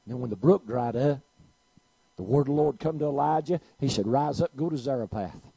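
A man preaching a sermon, telling a story and swinging from quiet to loud. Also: mid-range voice, a little fast, vocal fry, breathy edge, no room sound, rough recording.

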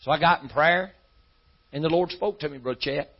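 A man preaching a sermon in a folksy style that climbs into shouting. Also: fairly high pitch, fairly quick, breathy edge, lo-fi sound.

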